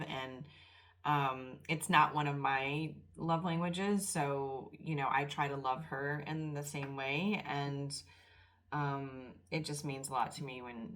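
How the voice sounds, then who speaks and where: A middle-aged woman giving a casual tarot reading, emotional and close to tears, talking in a soft, rambling way. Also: a bass voice. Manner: emotional, tearful and soft-spoken. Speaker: tarot reader.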